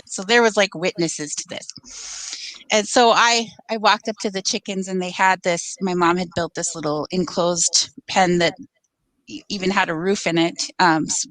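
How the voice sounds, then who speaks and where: A woman's voice: on the low side, a bit bright, low-quality recording. Woman telling a story with laughs. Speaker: guest. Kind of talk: casual storytelling.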